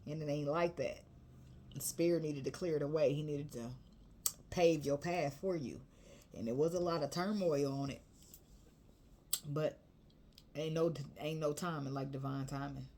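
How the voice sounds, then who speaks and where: A woman's voice: deep voice, fairly even intonation, moderate pace, long pauses, dark tone, slight background noise. A woman reading tarot cards in a chatty, emotional, colloquial way. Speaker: tarot reader.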